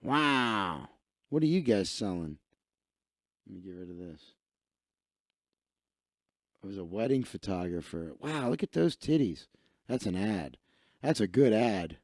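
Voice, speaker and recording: A man's voice: fairly low pitch, big pitch swings, measured pace, long pauses, no room sound, studio quality. A man hosting a live stream, rambling and ranting to himself while he browses, swearing freely. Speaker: livestream host.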